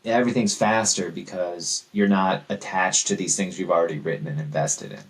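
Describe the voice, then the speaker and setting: Low-voiced thoughtful male author guest. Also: brisk, rough recording. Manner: thoughtful, animated, self-deprecating. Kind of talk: casual interview chat.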